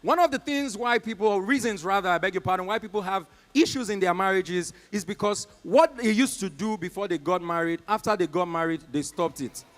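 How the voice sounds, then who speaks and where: A Nigerian man with a high-pitched voice performs live stand-up comedy. He tells his stories with animated energy and keeps turning to address the audience directly. His Nigerian accent colors every line. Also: brisk, few pauses, big-room sound.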